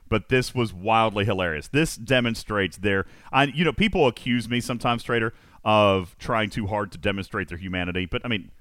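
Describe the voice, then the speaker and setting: A man's voice: on the low side, a bit bright, no room sound, clean studio sound. A man hosting a casual stream, telling a story with lots of laughter and animation. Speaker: host.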